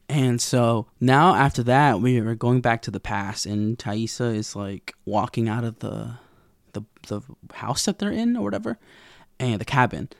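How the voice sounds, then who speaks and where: A man's voice: medium pitch, expressive, measured pace, gravelly, no echo, studio quality. A young man recapping a TV episode in a rambling, casual way, full of slang and swearing. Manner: rambling, profane slang, lots of fillers. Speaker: TV recap vlogger.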